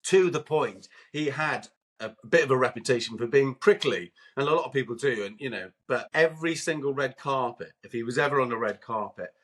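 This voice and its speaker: Sex: male. Role: podcast guest and co-host. Style: anecdotal storytelling. Pitch: mid-range. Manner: animated, acts out quotes. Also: a little fast, slightly rough.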